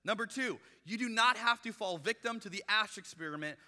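A man preaching a sermon as pastor, in a conversational, animated way, acting out quotes from people he talks about. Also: sits high, fairly quick. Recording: reverberant church hall.

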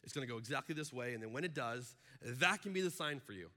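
A man preaching a sermon as pastor, animated and acting out the voices he quotes. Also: medium pitch, fast. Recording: long hall reverb.

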